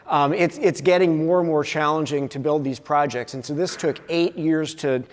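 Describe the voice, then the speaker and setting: Speaking at normal speed with a steady tone, a man with a slightly high voice gives a conference talk that leans heavily on fillers and restarts. The hall leaves a long reverb tail behind his words.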